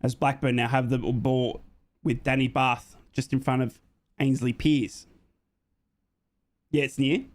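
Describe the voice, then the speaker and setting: This is a young Australian fan watchalong commentator giving play-by-play of a football game while talking with viewers. Excited moments send his voice up high and quick.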